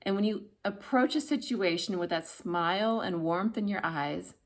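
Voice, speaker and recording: A woman's voice: mid-range voice, normal speed. A woman voice coach giving an instructional talk, demonstrating hums and practice phrases between explanations.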